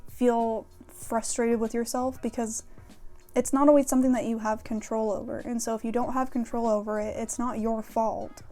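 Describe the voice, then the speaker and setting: A woman's voice: on the high side, flat delivery, moderate pace, dark tone, soft background music. Candid young woman vlogging, swearing freely. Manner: frank, casual, swears freely, many fillers. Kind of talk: candid talk to camera about mental health.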